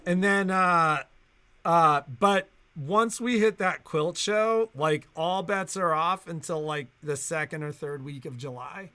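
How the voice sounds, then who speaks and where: Slow rambling bright-voiced man. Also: on the high side, smooth. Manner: slow, rambling with many fillers. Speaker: sewing shop co-host. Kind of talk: casual shop chat.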